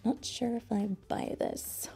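A woman's voice: mellow, faint music behind, lightly acted. A woman doing a doubtful blue turtle. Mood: skeptical. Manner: doubtful, deliberate. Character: skeptical male blue turtle.

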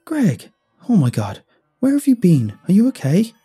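A woman's voice: mid-range voice, wildly swooping pitch, normal speed, warm tone, husky, faint music behind, voice pushed up, exaggerated voice. Man voicing a panicked young lab woman. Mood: worried, frantic. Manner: pleading, rising panicked questions. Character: young woman lab colleague, frantic, worried.

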